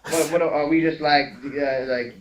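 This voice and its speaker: A man's voice: fairly high pitch, steady tone, moderate pace, roomy sound, poor audio. Man in a mock-outraged comedic rant. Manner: exaggerated sarcastic outrage.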